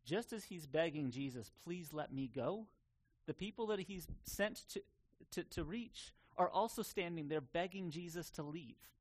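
A man preaching a sermon in an earnest, conversational way, sometimes pausing on fillers. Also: fairly high pitch, expressive. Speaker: pastor.

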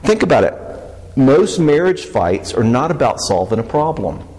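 Male speaker, lively and humorous, church talk, long reverb. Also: medium pitch, moderate pace. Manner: lively, joking, asks the audience questions. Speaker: speaker on faith and marriage.

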